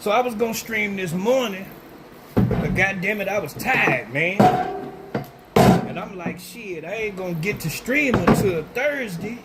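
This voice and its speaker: A man's voice: sits high, animated, measured pace. Rambling middle-aged man streaming from work. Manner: rambling, repeats "you understand what I'm saying". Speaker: livestream host. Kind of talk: casual livestream chat. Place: at work, walking around. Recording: loud vehicle noise behind.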